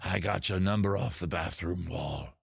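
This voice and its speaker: A middle-aged man putting on an over-the-top British accent as a pompous poet, reciting in a low, theatrical poetry voice. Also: moderate pace, vocal fry, breathy edge, no room sound, clean studio sound, heavily acted. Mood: grandly theatrical. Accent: put-on British. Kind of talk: comic dramatic poetry reading.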